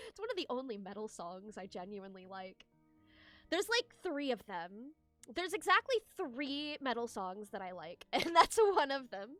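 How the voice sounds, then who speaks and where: A woman's voice: on the high side, sing-song, unhurried, a bit bright, faint music behind. A young woman streaming a game, chatting casually with her viewers and giggling often as she gushes her thanks.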